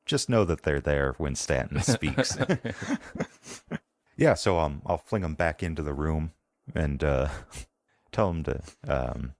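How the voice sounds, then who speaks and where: Very deep-voiced male player. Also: lively intonation, slow. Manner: laid-back, thinking aloud, laughs often. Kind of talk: casual tabletop game play.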